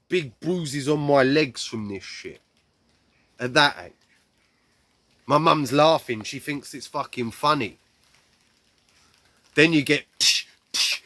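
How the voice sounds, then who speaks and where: A man telling a raw personal story bluntly, swearing heavily and acting out shouts and quoted lines. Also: mid-range voice, dry recording.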